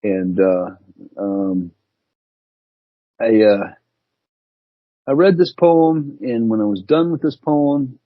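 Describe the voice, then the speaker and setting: A man's voice: mid-range voice, expressive, slow pace, pauses often, no echo, narrow, tinny audio. A man telling an anecdote on a podcast as the guest, laughing at himself as he goes. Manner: self-deprecating, laughing storyteller. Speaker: guest writer and editor. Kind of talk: casual storytelling chat.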